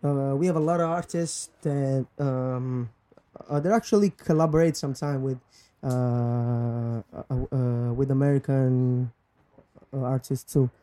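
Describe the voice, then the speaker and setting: A man from Italy with an Italian accent, a guest DJ in casual chat, speaking halting English and searching for words. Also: medium pitch, warm tone.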